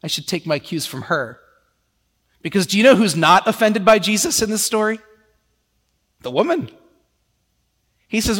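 A man preaching a sermon in a lively, conversational way, often slipping into quoted voices. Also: high voice, normal speed, pauses often, husky, big-room sound.

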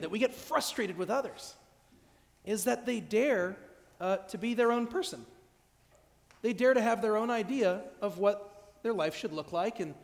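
A pastor giving an evening sermon in a conversational way, acting out little scenes with quoted dialogue. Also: male voice, high voice. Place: church. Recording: echoey church hall.

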